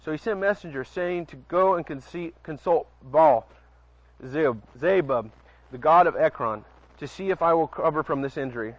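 A fairly high-pitched man preaches casually outside at night by a porch, reading scripture aloud with frequent stumbles and friendly asides to those listening. The recording is dull and lo-fi, with no echo.

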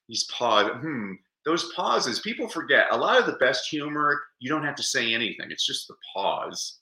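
Animated, jokey man, bright and echoey. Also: medium pitch, moderate pace, few pauses. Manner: animated, jokey, laughs often. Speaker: interview guest. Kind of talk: casual interview chat.

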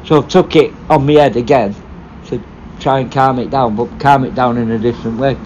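A former prison officer telling stories casually, blunt and full of swearing, rambling and restarting. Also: male voice, medium pitch, steady tone, a little fast, a little mellow, muffled recording, slight background noise. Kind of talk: casual storytelling.

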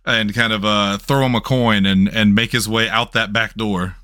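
A man's voice: fairly low pitch, fairly even intonation, moderate pace, sharp tone. A man playing in a tabletop game, voicing his cowboy with dry, joking delivery. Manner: dry, joking in-character play. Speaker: player. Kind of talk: tabletop role-play.

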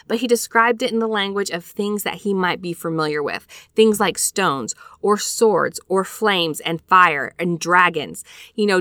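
A woman's voice: mid-range voice, bright, forceful tone, dry recording, studio quality. A woman hosting a casual scripture study lesson, talking in a chatty, conversational way and checking in with her listeners through rhetorical questions. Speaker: podcast host teaching scripture.

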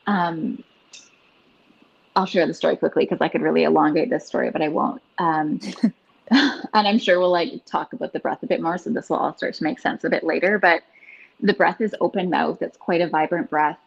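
A woman in her thirties, a podcast guest, telling her story in an earnest, animated way with lots of "like". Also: fairly low pitch, gravelly. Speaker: podcast guest, breathwork facilitator. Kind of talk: casual interview storytelling. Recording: dull lo-fi sound.

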